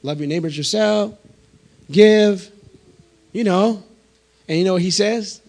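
A man preaching a sermon as pastor, impassioned and building to shouts. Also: high-pitched, measured pace.

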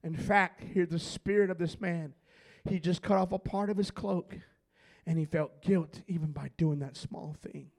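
A male pastor preaching a sermon, filling his pauses with "uh" and swinging from hushed tones to shouting. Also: fairly high pitch, steady tone, gravelly.

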